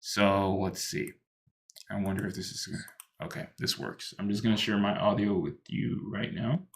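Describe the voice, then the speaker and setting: A man tutoring English over a video call, patient and a little halting as he explains. His voice sits fairly low and has a gravelly edge. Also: flat delivery. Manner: patient, explains with many ums and restarts. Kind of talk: online one-to-one English lesson.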